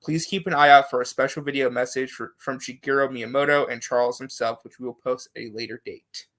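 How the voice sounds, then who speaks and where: Male live-stream host, casual delivery, reads a statement aloud, mid-pitched. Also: fairly even intonation, brisk, fairly bright tone. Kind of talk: live stream news talk.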